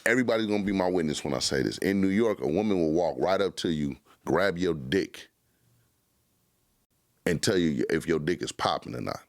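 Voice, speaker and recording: A man's voice: sits low, fairly quick, no room sound. A man riffing on a podcast in a studio, his mid-range voice swinging widely as he tells crude stories. The sound is close and dry, with no room behind it. He slips into acted-out quotes as he goes. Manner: animated, profane storytelling with acted-out quotes. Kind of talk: casual podcast banter.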